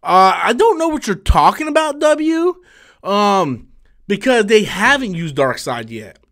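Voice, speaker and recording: A high-pitched man hosting a live stream, talking loosely and heatedly. He swears constantly and trips over his own restarts. His voice sits well above the usual male range. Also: big pitch swings, measured pace, a bit bright. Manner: profane, heated, swears often; many fillers and restarts, loose talk. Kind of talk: casual ranting live stream.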